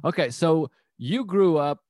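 A man in his thirties hosting a casual podcast interview, musing aloud and asking relaxed follow-up questions. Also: a little high, measured pace, no room sound, studio quality. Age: 30s. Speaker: podcast host.

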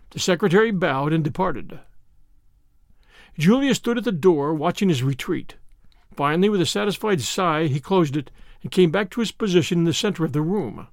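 A man hosting and reading an audiobook in a measured, expressive storytelling manner. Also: on the high side, gravelly, no echo, clean studio sound. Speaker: audiobook host and reader. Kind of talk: audiobook narration.

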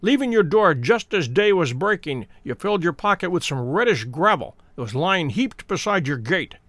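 A man voicing a cool, precise, commanding detective in a dramatic audiobook reading, calm, measured and authoritative. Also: high voice, no echo, full character voice. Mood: stern.

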